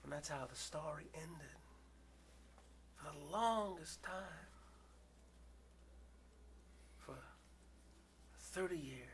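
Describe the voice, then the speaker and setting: A man's voice: on the high side, extremely slow, pauses often, very noisy. Older man telling a dramatic story poem. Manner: dramatic, swinging from loud outbursts to hushed whispers.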